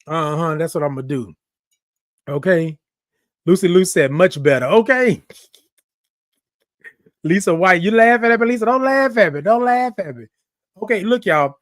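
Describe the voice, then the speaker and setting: A man's voice: high voice, animated, moderate pace, long pauses, no echo, clean studio sound. A man hosting a morning livestream, playfully reading viewer comments aloud. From Texas. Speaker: livestream host. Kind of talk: casual livestream chat.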